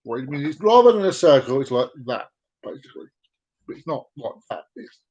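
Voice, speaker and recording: A man's voice: mid-range voice, big pitch swings, normal speed, darkish tone, lo-fi sound. A man hosting a casual live-stream vlog, reading out fun facts in a rambling, jokey way and repeating himself. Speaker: vlog host.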